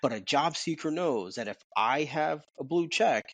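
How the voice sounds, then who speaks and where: Animated man chatting, dry sound. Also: fairly high pitch, moderate pace, dry recording. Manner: animated, swears, repeats himself. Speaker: podcast co-host. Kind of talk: casual chat. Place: home office.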